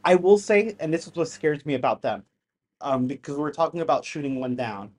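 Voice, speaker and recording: Animated young man reacting on stream. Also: fairly high pitch, a little fast. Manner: animated, exclaiming, joking. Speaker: live stream host. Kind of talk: casual reaction commentary.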